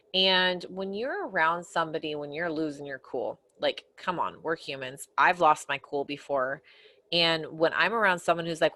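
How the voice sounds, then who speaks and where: Soft-spoken low-voiced woman teaching parents. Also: vocal fry. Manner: earnest, conversational, often dropping to a soft quiet voice. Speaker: parenting course instructor. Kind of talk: recorded course lesson. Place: home office corner.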